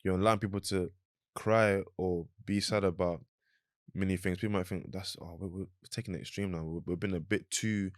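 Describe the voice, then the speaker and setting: Young man, podcast host; very low voice, halting and thoughtful, dry close sound. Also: fairly even intonation, no echo. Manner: thoughtful, halting, with many restarts. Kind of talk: casual chat.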